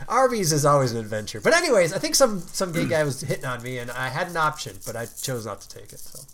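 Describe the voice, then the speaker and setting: A man's voice: a little high, sing-song, fast, fairly bright tone. A young man telling a story in a casual chat, swearing freely and laughing through it.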